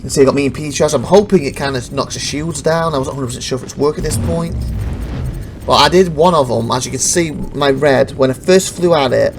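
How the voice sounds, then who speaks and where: A man's voice: medium pitch, a little fast, faint music behind. A man giving casual commentary over recorded gameplay, rambling, restarting sentences and laughing at glitches. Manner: rambling, self-interrupting, laughs at bugs.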